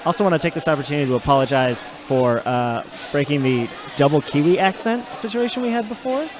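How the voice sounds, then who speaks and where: A man's voice: on the high side, expressive, brisk. Wry American man co-announcing. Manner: wry and self-deprecating. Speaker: roller derby co-announcer. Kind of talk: live sports commentary.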